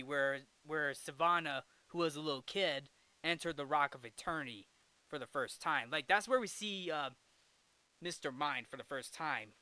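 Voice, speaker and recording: A man's voice: on the high side, bright, forceful tone. A man hosting a casual film review, rambling through the plot with frequent self-corrections and restarts. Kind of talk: casual movie recap.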